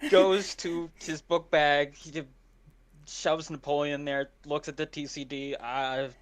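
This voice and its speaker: A player at a tabletop game talks through what their character does, tripping over words in flustered bursts. The voice sits at an ordinary middle pitch. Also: flat delivery, takes it slowly. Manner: flustered, stammering, describes own character's actions.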